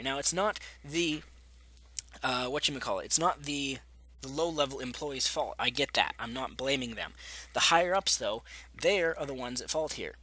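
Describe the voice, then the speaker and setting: A man's voice: mid-range voice, moderate pace, sharp tone. A man from Canada, a gaming vlogger, delivering an exasperated, profane rant full of sarcastic asides. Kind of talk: ranting vlog monologue.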